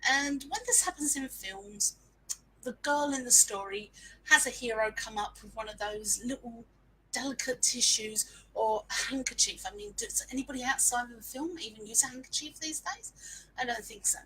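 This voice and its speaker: A woman's voice: a little high, moderate pace, pushed and bright, slight background noise, low-quality recording. A woman, telling a frank, self-mocking story in a casual live stream and sprinkling in mild swearing. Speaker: small business owner sharing marketing lessons.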